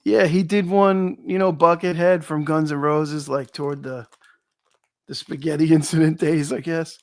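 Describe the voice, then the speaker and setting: A man's voice: on the high side, fairly even intonation, normal speed. A man co-hosting a livestream in a casual, joking chat, laughing often. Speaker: co-host of a precious metals livestream.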